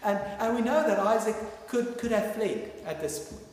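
A man's voice: high-pitched, normal speed, darkish tone. Man preaching in an echoey hall. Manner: emphatic, repeats phrases, many restarts. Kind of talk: sermon. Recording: echoey hall with faint noise.

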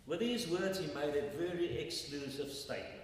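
A man's voice: fairly high pitch, moderate pace, distant mic. A man preaching a sermon in a church hall, emphatic and putting rhetorical questions to the congregation. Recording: roomy hall reverb, mic from afar.

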